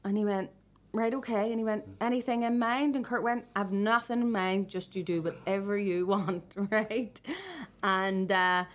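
A woman's voice: mid-range voice, steady tone, measured pace. A woman hosting a podcast, telling a story in casual chat, laughing often and swearing freely. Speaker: podcast host.

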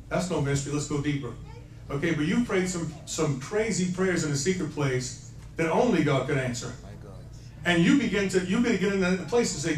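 High-voiced man preaching in an echoey hall. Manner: emphatic, repeats "listen" often; playful, laughs between points. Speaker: evangelist. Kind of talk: prophetic preaching to individuals. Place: church conference hall. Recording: echoey hall, mic from far off.

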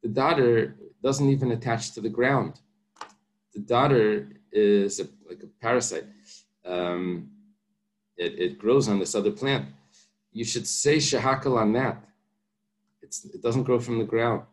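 A man leads a daily daf yomi Talmud class, reading the Aramaic and translating it line by line with patient explanations and light joking asides. His medium-pitched voice stays fairly even, unhurried and punctuated by long pauses.

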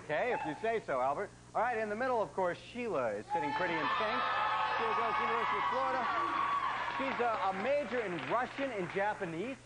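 A man hosting a game show, cracking jokes and teasing the contestants in quick comic patter. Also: sits high, expressive, a loud crowd, very noisy. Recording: loud show music underneath.

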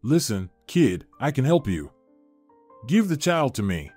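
A man's voice: medium pitch, very animated, a little slow, a little mellow, dry recording, faint music behind. Male narrator plays a well-dressed, persuasive stranger, cheerful, storybook read.

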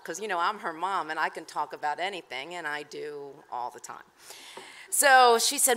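A woman's voice: on the low side, expressive, normal speed, fairly bright tone. A middle-aged woman professor and attorney giving a chatty, self-deprecating keynote speech at a ceremony, with fillers.

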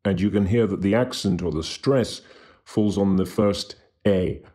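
A man giving a scripted language lesson who slowly and carefully demonstrates how to pronounce each word. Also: sits low, dark tone. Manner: slow, careful demonstration of pronunciation. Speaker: language teacher.

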